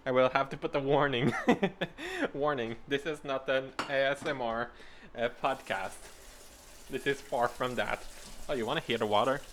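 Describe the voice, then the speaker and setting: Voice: mid-range voice, expressive, unhurried, long pauses, a bit bright, a little hiss or hum. A podcast host talking casually while cooking at home, rambling, laughing and swearing through each step. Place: home kitchen.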